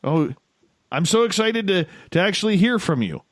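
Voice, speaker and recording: Canadian-accented male radio host, playful, animated delivery, dry close mic. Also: high-pitched, normal speed, dry recording. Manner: enthusiastic, playful. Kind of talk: casual radio talk.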